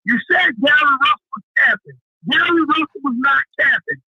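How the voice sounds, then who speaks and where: A man calling into a debate show, loud and talking over the host. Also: very high voice, moderate pace, lo-fi sound, noisy background. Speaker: caller. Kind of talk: heated phone argument.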